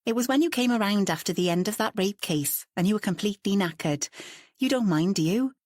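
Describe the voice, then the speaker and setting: A woman's voice: mid-range voice, expressive, a little fast, darkish tone, no echo, studio quality, natural voice. A woman reading the part of a nervous, defensive woman artist who answers hesitantly or sharply.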